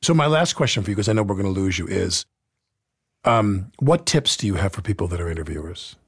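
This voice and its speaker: A man interviewing a guest in a relaxed, teasing way, also telling stories from his acting work. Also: low-pitched, a little fast, breathy edge. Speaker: interviewer and actor. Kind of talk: casual interview conversation.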